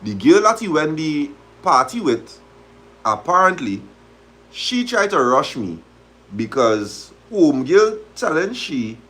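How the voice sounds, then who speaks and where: A man's voice: mid-range voice, a bit bright, breathy edge. A man hosting a live stream, reading a story aloud in dialect and reacting to it animatedly. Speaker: host of a live talk stream.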